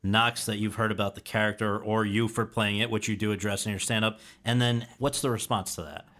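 A man hosting an interview, asking measured questions and giving brief agreement while the guest talks. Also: lowish voice, little pitch movement, fairly bright tone. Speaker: interview host. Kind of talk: casual interview chat.

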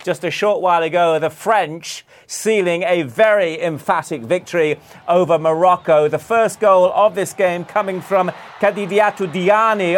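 A man delivering a lively sports news report with effusive enthusiasm. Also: sits high, slight background noise. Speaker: sports correspondent.

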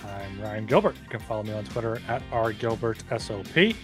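A man's voice: fairly low pitch, expressive, brisk, music in the background. A man co-hosting a podcast, easygoing and plain-spoken as he reads the sign-off. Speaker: podcast co-host.

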